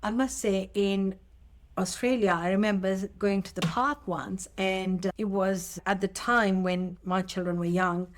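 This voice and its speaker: A middle-aged woman, a mother living in Australia, telling stories in animated casual chat as a podcast co-host. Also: mid-range voice, unhurried.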